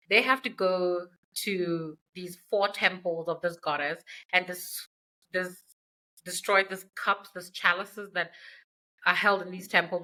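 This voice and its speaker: A woman's voice: on the low side, sharp tone, low-quality recording. A woman hosting a podcast, retelling a book's plot in a chatty, slangy way with asides. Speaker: podcast host. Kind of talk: casual book recap.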